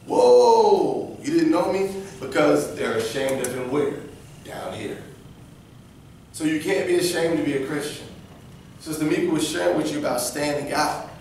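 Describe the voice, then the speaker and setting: Animated man teaching kids in an echoey church room. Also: a little high, normal speed, vocal fry. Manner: animated, quizzes the class, acts out little scenes. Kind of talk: interactive Bible lesson for kids. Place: church classroom. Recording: very echoey room, distant camera, faint background noise.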